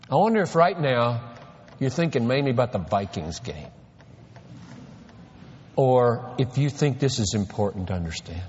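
High-voiced guy preaching a sermon, full of rhetorical questions, voice jumps all over, echoey church hall. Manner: emphatic, rhetorical questions, swings from quiet to loud. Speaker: pastor. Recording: dull lo-fi recording in a reverberant hall.

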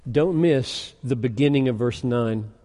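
A man's voice: mid-range voice, measured pace, warm tone. A man preaching a sermon, asking rhetorical questions and reading scripture aloud with rising, emphatic force. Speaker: pastor. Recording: long hall reverb.

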